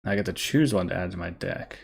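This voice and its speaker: Low gravelly man, casual gaming commentary. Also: brisk. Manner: thinks aloud, reads card text, many fillers. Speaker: gaming streamer.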